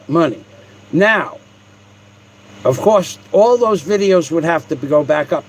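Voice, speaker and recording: A man's voice: a little high, slight background noise, poor audio. A man hosting a livestream at home, talking in a mocking, profane, rambling way with restarts. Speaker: livestream host. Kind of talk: casual livestream rant.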